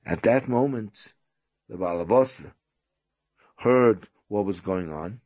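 A man's voice: fairly low pitch, slow pace, a little mellow. A man, a rabbi, telling a story in a sermon, often stammering and repeating himself.

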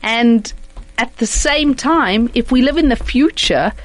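A woman discussing marriage through religious teaching, expressive and acting out imagined voices. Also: fairly high pitch, takes it slowly, poor audio.

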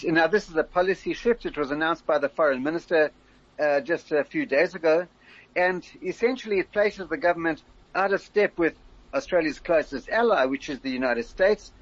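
An older man, a former community leader, explaining current affairs in a measured radio interview, often restarting his sentences. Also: fairly high pitch, fairly bright tone, muffled recording.

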